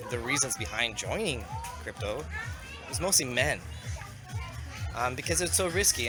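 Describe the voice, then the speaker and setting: A man with a cold, talking casually and rambling a bit as he walks outdoors to vlog. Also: mid-range voice. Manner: rambling, conversational, self-correcting. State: has a cold. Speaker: vlogger and community founder. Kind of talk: casual walking vlog talk. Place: outdoors walking through town to a river. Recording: clear outdoor street noise.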